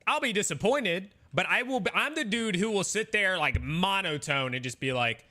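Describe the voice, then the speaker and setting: Young male streamer, casual and defensive, rambling with fillers; fairly high voice. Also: lively intonation, normal speed, few pauses, sharp tone. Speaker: game streamer. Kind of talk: casual chat with viewers.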